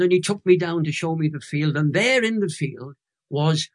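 Animated Welsh man in his eighties. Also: a little high. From Wales. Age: 80s. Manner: animated, emotional storytelling with dramatic pauses. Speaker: guest. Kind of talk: storytelling testimony.

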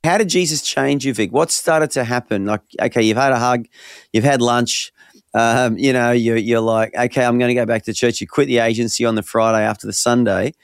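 A man's voice: mid-range voice, steady tone, a little fast, creaky, clean tone. A man hosting an interview, asking friendly prompting questions. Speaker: interview host. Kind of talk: casual interview.

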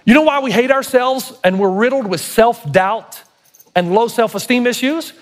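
Male pastor, high voice, impassioned sermon delivery, acts out quotes. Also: normal speed. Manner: preaches with rising emphatic intensity; acts out quoted prayers and God's words.

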